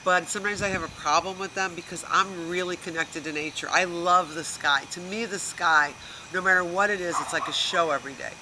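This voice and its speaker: A woman's voice: fairly low pitch, brisk, background noise. A middle-aged woman doing a stand-up routine, telling stories and acting out characters with big exclamations. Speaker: stand-up comedian.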